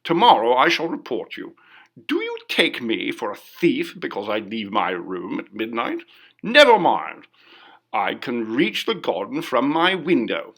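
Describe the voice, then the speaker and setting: A man doing a fierce haunted gentleman. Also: medium pitch, wildly swooping pitch, measured pace, gravelly, full character voice. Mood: furious. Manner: fierce, imperious. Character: haunted, feverish English gentleman.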